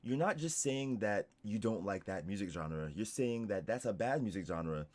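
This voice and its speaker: A man's voice: on the low side, animated, normal speed, darkish tone. A young man streaming casual reaction commentary, rambling with lots of "like" and restarts. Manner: rambling, heavy use of "like" and restarts.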